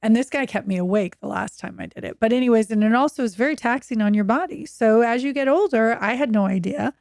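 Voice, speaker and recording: A woman's voice: on the high side, quick pace, gravelly, no room sound, studio quality. A woman in her fifties from Oregon, a podcast guest telling her own story candidly on a video call and acting out quoted voices. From Oregon, USA. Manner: animated, acts out quoted voices.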